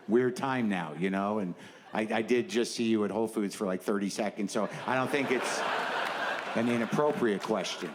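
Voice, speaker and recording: A man's voice: on the low side, normal speed, a little hiss or hum. A middle-aged man doing a stand-up comedy set, rambling and self-deprecating, full of nervous "you know" asides. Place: comedy stage before a live audience.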